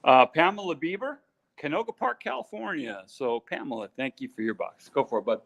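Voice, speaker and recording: A man's voice: a little high, expressive, fairly quick, creaky, fairly bright tone. A middle-aged man co-hosting a live stream, reading out names in a casual, joking way with lots of fillers. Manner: chatty, joking, many fillers. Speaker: co-host reading out purse makers' names.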